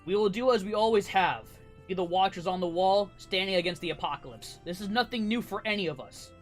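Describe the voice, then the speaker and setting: A man's voice: high-pitched, brisk, faint music behind, lightly acted. A man voicing a stern older paladin commander who gives solemn, commanding speeches in a tabletop game.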